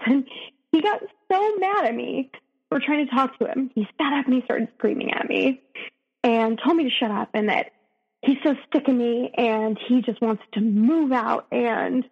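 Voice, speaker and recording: A woman, a podcast guest, recounting her own story in an emotional, halting way full of restarts. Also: fairly high pitch, creaky, slightly rough. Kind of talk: personal storytelling. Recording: dull, echoey recording.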